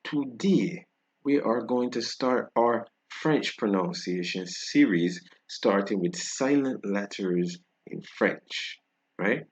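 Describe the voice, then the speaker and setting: A man's voice: lowish voice, animated, takes it slowly. A man with a Barbadian accent, teaching a French pronunciation lesson in a casual, patient way and often checking in with tag questions.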